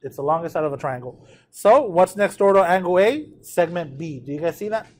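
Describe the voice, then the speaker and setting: A man's voice: on the high side, expressive, a little fast. A man teaching trigonometry to a classroom, checking in with students and having them repeat terms aloud. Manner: drills pronunciation, asks the class to repeat; frequent check-ins with students. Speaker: math teacher. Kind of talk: classroom lecture.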